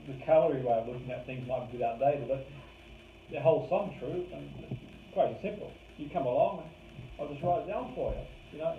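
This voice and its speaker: Male trainer, casual lecture delivery, punches key words; faint hiss in the background. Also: on the high side. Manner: conversational, stresses words to make points. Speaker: course trainer. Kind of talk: live course lecture. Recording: roomy, distant, phone-like lo-fi with faint hiss.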